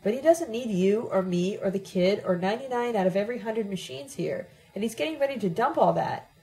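A furious young man lays into someone, blunt and crude, scolding without letting up, as a woman reads him aloud. The voice stays mellow and soft-edged under the anger. It is a plain audiobook reading, not a showy performance. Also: mid-range voice, expressive, brisk, close to an everyday voice, rough recording. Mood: angry.

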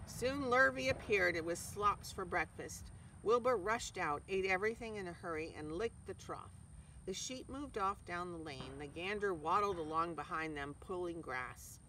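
A storyteller reading a children's chapter book aloud with expressive narration. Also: mid-range voice, moderate pace, far from the mic, slight background noise, rough recording.

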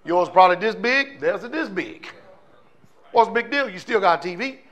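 A man preaching a sermon with a high, bright voice. He talks to the congregation in a fiery, conversational style and keeps throwing out rhetorical questions. His delivery is forceful and plainspoken. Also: animated, moderate pace. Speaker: pastor.

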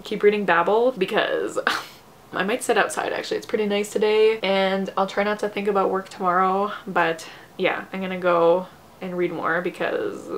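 A young woman, chatting casually about her reading in a rambling way with many fillers and frequent laughs, sounding tired and low on energy. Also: fairly bright tone, a little hiss or hum. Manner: laughs often. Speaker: book vlogger. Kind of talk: casual chat.

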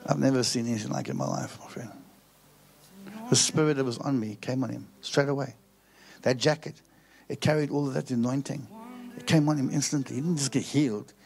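A middle-aged man preaching a sermon, telling a story with lively acted-out dialogue. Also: medium pitch, brisk, gravelly. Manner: animated storytelling, acts out quoted dialogue. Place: large auditorium.

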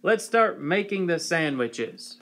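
A man voicing a monster's aunt, a cranky woman with a loud, nasal, scolding voice who is angry at the world. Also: on the high side, very animated, takes it slowly, full character voice. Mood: bossy. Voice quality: nasal, yelling.

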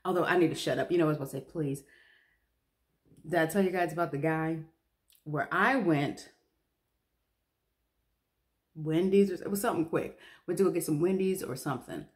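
Low-voiced young woman vlogging, chatty and self-mocking, laughs a lot. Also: moderate pace, long pauses. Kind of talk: casual chat to camera.

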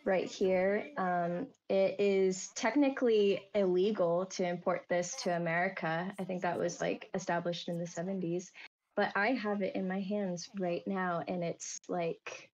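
A woman's voice: lowish voice, steady tone, unhurried, darkish tone. Easygoing woman streamer talking through her run, slightly muffled recording. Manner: chatty, easygoing. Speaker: speedrunner. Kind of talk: casual stream commentary. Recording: dull lo-fi mic.

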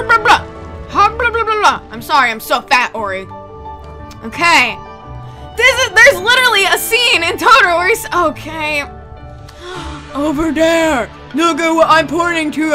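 A woman giving excitable, squealing commentary while playing a video game, often gasping. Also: sits high. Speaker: let's play gamer. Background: game music.

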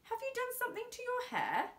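A woman's voice: extremely high pitch, huge pitch swings, brisk, a bit bright, roomy sound, voice pushed up, heavily acted. A woman teacher reading a storybook aloud and voicing a fussy, prim older woman babysitter who exclaims and frets. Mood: fussing. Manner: fussing, exclamatory.

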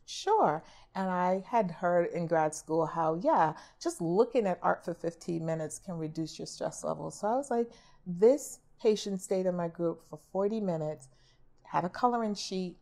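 A woman's voice: on the low side, moderate pace, mellow. A middle-aged woman, an art therapist, talking casually in a podcast interview and acting out quoted remarks. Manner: chatty, acts out quoted remarks.

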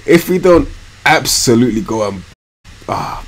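A young man talks over a football management game he is streaming live. His pitch leaps around as he drops into grumbling mutters, then bursts out loud and swears. The voice sits in a middle register. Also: normal speed. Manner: excitable, swings from low muttering to loud yelling, swears a lot.

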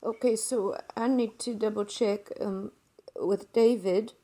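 A woman's voice: medium pitch, steady tone, unhurried, dark tone. A woman making a prank phone call, playing a nervous and hesitant caller. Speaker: video creator prank-calling scammers.

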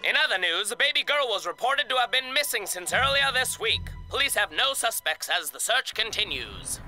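A man's voice: extremely high pitch, very animated, moderate pace, sharp tone, soft background music, heavily acted, poor audio. A man voicing a radio news reporter in a cartoon, reading the news formally. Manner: formal newsreading. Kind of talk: cartoon voice acting.

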